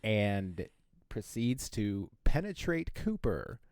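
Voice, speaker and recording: A man's voice: lowish voice, very animated, a little mellow, clean tone, no echo. Man hosting a dry podcast retelling. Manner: halting, with fillers and restarts; laughs often while telling. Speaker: podcast co-host. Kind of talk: casual chat retelling a book.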